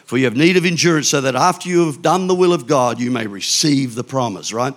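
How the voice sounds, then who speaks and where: A man's voice: mid-range voice, fairly quick. Older male pastor, conversational sermon, frequent restarts and asides.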